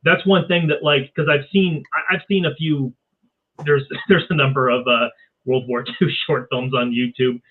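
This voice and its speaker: A man's voice: medium pitch, fairly even intonation, moderate pace. A man, a filmmaker guest, chatting earnestly on a podcast call with many fillers. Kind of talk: casual podcast chat. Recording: tinny phone-like call audio.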